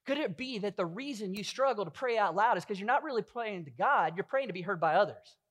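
A man's voice: high voice, animated, fast, a bit bright. Earnest male pastor preaching. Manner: earnest preaching with rhetorical questions. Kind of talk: sermon.

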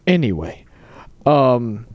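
A man's voice: medium pitch, big pitch swings, slow, no echo, muffled recording. A man co-hosting a casual faith discussion, speaking thoughtfully and working from his notes.

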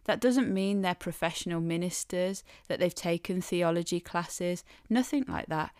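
A woman giving a Christian devotional talk, measured and emphatic, often putting questions to the listener. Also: fairly low pitch, darkish tone, clean tone, no room sound, studio quality. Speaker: Christian speaker. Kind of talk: devotional teaching.

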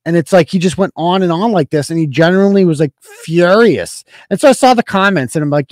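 A man's voice: sits high, fairly quick, few pauses, no echo. A man hosting a livestream podcast, talking casually, blunt and profane, grilling a caller. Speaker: podcast host.

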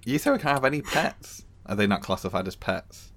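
A man's voice: on the low side, animated, brisk, fairly bright tone. A man playing in a tabletop game, jumping in with impatient, teasing remarks. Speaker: player. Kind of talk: casual tabletop play.

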